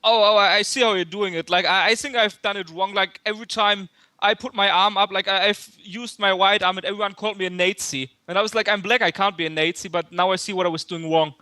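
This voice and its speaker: A man's voice: high voice, fairly even intonation, fast talker, bright, forceful tone, dry recording. A man calling in to a chat show, stammering and repeating his words as he talks. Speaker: caller. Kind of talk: call-in chat.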